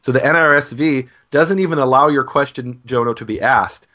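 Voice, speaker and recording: A man's voice: mid-range voice, fairly quick, sharp tone. Man patiently explaining hebrew words, muffled call audio. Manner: explanatory, teacherly. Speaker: Hebrew scholar co-host. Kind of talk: explanatory casual chat.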